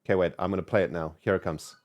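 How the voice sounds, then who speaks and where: A man's voice: sits low, fairly even intonation, very fast. A man hosting a casual gaming stream, venting in exasperation about his computer and chatting with a fellow player. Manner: exasperated, venting, swings loud and quiet. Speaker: streamer, channel host.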